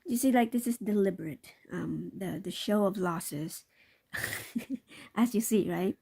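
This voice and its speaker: A woman's voice: medium pitch, slow pace, creaky, dark tone, slightly rough. A woman hosting a live stream, commenting on market clips in a loose, repetitive way and often tagging her points with a question. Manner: talks in a loose, repetitive way with frequent tag questions. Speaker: livestream host.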